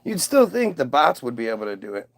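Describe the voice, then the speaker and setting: A man's voice: medium pitch, big pitch swings, fast talker, creaky. A man from the United States hosting a casual livestream, reading chat aloud in a rambling, profane, self-mocking way.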